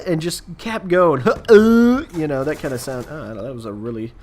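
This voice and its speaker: A young man hosting a gaming channel, telling a rambling, self-mocking story in a casual, animated way over gameplay. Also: on the high side, moderate pace, hardly any pauses, slight background noise.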